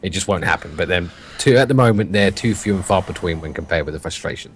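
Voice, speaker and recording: A British man co-hosting a gaming podcast, telling stories in a lively, swear-heavy way. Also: sits low, quick pace, a little hiss or hum. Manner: animated, swears a lot, storytelling. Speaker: podcast co-host. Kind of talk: casual gaming chat.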